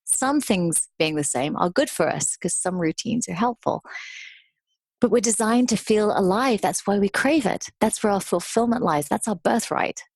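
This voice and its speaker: A woman guest on an interview show, telling travel stories in a lively way and acting out the people she met. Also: mid-range voice, moderate pace, no echo. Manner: animated storyteller, acts out quoted voices. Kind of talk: storytelling interview.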